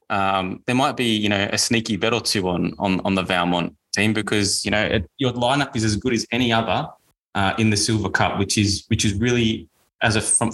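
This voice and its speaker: A man with an Australian accent hosting a podcast, relaxed and enthusiastic in conversation. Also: fairly low pitch. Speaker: podcast host. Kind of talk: casual podcast interview.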